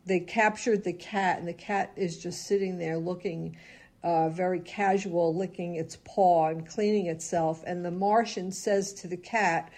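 Animated woman radio co-host, mellow voice. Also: fairly low pitch, unhurried. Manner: animated, laughing storyteller. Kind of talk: casual chat reading jokes. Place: radio studio.

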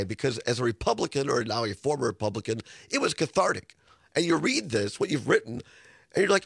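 A male radio host with a hoarse, congested voice. He talks casually and stumbles over restarts. His voice is gravelly and raspy, close and dry in a studio. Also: medium pitch, big pitch swings, a little fast, no echo. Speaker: radio talk show host. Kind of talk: casual talk radio chat. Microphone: studio microphone.

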